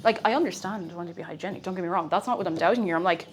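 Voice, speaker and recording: A woman's voice: fairly low pitch, racing. A young woman streamer chatting casually and rambling while she cooks, with frequent exclamations. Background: faint music.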